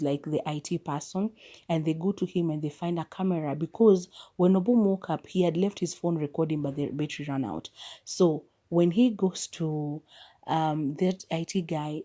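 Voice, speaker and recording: A woman podcast host retelling a film's plot in a chatty, casual way, with quick asides and restarts. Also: low voice, steady tone, mellow. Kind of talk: casual movie recap.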